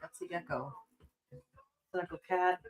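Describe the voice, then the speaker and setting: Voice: medium pitch, fairly even intonation, moderate pace, low-quality recording. A co-host on a casual live stream who makes short, dry remarks while cards are opened.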